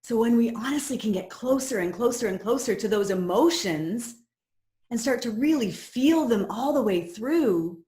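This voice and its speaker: Woman coach with a somewhat high voice, teaching a course in an earnest, personal way, recorded with room echo. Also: expressive, normal speed, mellow. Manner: earnest and personal, sharing her own story. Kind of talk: reflective teaching talk. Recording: roomy echo.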